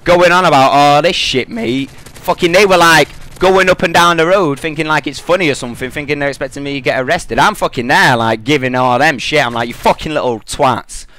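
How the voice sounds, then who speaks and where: A man's voice: a little high, brisk, hardly any pauses, bright, forceful tone. A young British man in a gaming commentary rant, telling an angry, profane story.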